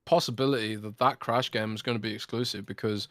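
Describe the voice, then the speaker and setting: A man's voice: lowish voice, fairly even intonation, fast talker, a bit bright, no echo, clean studio sound. A man co-hosting a casual gaming podcast, laid-back and hesitant, giving short reactions. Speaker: podcast co-host.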